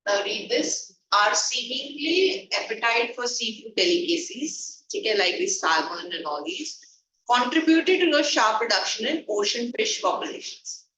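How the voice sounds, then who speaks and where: A higher-voiced woman with an Indian English accent teaches an online class, quizzing her students and mixing in Hindi phrases. Her voice comes across a video call, distant and heavily echoey. A steady hiss of noise sits underneath. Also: moderate pace.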